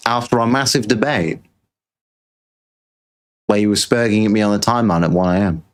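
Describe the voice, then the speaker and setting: A man's voice: medium pitch, moderate pace. A British man hosting a livestream, ranting sarcastically and swearing, tired and irritated. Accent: British English. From Britain. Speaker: livestream host. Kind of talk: casual livestream rant.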